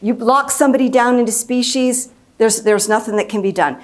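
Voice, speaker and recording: A woman's voice: fairly high pitch, a little fast. A woman in her fifties, a mediator giving a conference lecture, speaking emphatically and repeating key phrases. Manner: emphatic and repetitive, acts out quoted speech.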